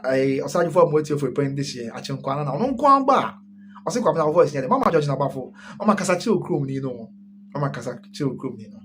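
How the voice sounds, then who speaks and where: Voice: mid-range voice, slight background noise. Chatty Ghanaian live-stream host. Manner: chatty, mixes Twi and English, laughs often. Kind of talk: casual live-stream chat reading viewer comments.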